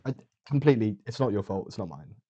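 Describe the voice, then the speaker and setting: Young man, low husky voice, sardonic rambling, dull lo-fi recording. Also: big pitch swings, quick pace, warm tone. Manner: rambling, sardonic, lots of fillers. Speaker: podcast host. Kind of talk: casual solo monologue. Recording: dull lo-fi sound.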